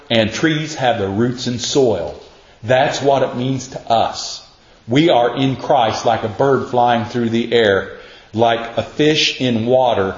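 A man preaching a sermon in an earnest, emphatic way, with a pastor's steady build and repetition. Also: mid-range voice. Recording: echoey, dull lo-fi church recording.

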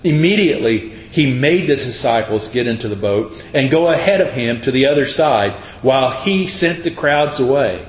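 A man's voice: medium pitch, expressive, moderate pace, few pauses, slight background noise. Guy giving a sermon, dramatic, voices the bible folks, roomy echo, kinda muffled. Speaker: preacher. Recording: echoey room, dull sound.

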